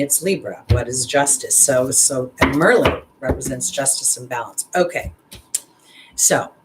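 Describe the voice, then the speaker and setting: A woman's voice: sits low, slight background noise, rough recording. A woman giving a casual astrology and angel card reading, chatty and rambling, speaking to viewers by name. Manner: chatty, rambling, laughs at herself when nervous; talks straight to viewers by name. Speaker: intuitive astrologer and card reader.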